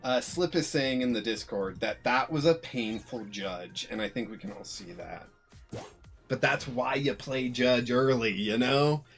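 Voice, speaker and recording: A man's voice: mid-range voice, unhurried, fairly bright tone, soft background music. A man casually commentating his own online card game, muttering to himself and chuckling often. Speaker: streamer playing a card game.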